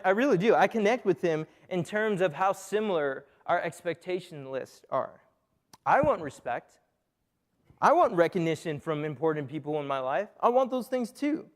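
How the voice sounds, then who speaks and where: A young man giving a conversational, joking sermon to a young crowd, asking himself questions and using many fillers. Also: sits high. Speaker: youth speaker. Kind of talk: casual sermon talk.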